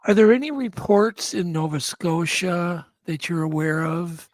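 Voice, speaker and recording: A male host chatting and asking relaxed questions in a casual interview. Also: high voice, measured pace, no echo.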